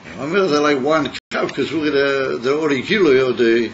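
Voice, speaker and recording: Male teacher, mid pitch, halting delivery, muffled lo-fi class recording with faint hiss. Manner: halting, repeats words, mixes Hebrew terms. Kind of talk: Chassidus class.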